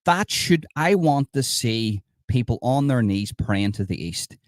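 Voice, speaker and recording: A man giving sarcastic live commentary over video clips, mock-approving and breaking into excitable outbursts. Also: medium pitch, unhurried, no room sound, clean studio sound. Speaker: satirical commentator.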